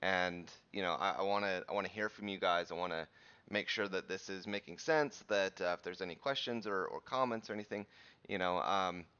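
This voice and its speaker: A man in his thirties hosts a live morning stream, talking to viewers in a loose, rambling way full of restarts. His voice sits low but sounds bright and forward. The audio is dull and lo-fi, like a stream mic. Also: fairly quick, smooth. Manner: chatty, rambling, frequent restarts and fillers. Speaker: host of a live crypto chart show. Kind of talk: casual live-stream chat and chart teaching.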